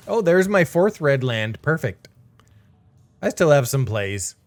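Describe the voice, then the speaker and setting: A man's voice: a little high, very animated, a little slow. A man commenting casually on his own card game, sarcastic and exasperated, laughing in disbelief. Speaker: streamer playing a card game.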